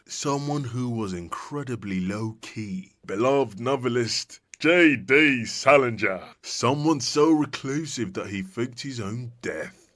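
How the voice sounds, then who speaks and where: A man narrating a scripted video essay, recapping scenes in a playful way with jokey asides and mock scolding. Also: medium pitch.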